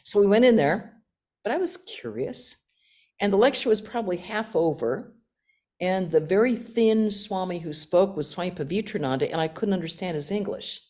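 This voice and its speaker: Lively older American woman telling stories. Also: mid-range voice, normal speed. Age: 60s. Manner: animated, laughing, self-mocking. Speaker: guest speaker, nun. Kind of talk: storytelling talk with questions.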